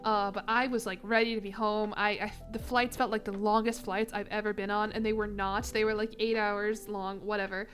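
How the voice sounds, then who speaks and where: A woman's voice: mid-range voice, flat delivery, brisk, hardly any pauses, fairly bright tone, faint music behind. A young woman from Chicago chatting casually on stream, rambling and emotional, laughing at herself. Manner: rambling, emotional, self-mocking, laughs often.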